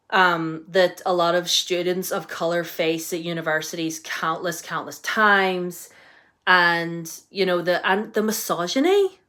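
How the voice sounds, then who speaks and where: In a relaxed, wandering book review, a young woman from the United Kingdom runs through her month's reading with lots of "um," "like," and false starts. She has a somewhat low voice for a woman and sounds eager about the books she enjoyed.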